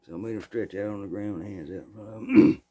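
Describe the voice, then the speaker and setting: A man, telling a true story in a plainspoken, folksy way, often clearing his throat. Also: on the low side, fast, warm tone.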